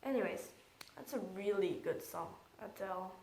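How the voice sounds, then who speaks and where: A woman's voice: medium pitch, normal speed, creaky, a little mellow, roomy sound, slight background noise, poor audio. A woman giving a casual, blunt and sarcastic spoken movie review.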